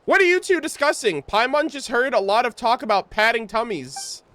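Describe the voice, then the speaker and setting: A man's voice: extremely high pitch, animated, moderate pace, fairly bright tone, voice pushed up. A man voicing a small, chirpy female fairy companion while reading game dialogue aloud. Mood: curious.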